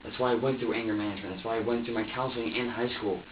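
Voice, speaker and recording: A man's voice: medium pitch, steady tone, rapid-fire, distant mic. A young man in a police interview room, pouring out an agitated, profanity-laced confession full of stammers and repeated phrases. He sits away from the microphone, so his voice echoes and sounds dull and lo-fi, with faint ambient noise underneath. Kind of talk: emotional confession.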